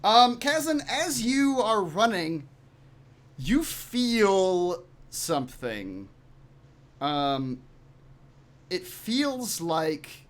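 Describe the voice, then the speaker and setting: A man running a tabletop game as game master, his voice a touch higher than most men's. He narrates haltingly, with many fillers and restarts as he describes each scene.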